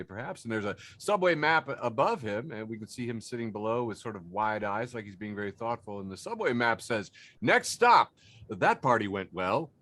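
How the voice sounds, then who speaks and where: A man co-hosting a podcast, describing meme images in a relaxed way with frequent pauses. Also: mid-range voice, no room sound. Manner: relaxed, many uh fillers while describing images. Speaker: podcast co-host. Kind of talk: casual chat reading memes.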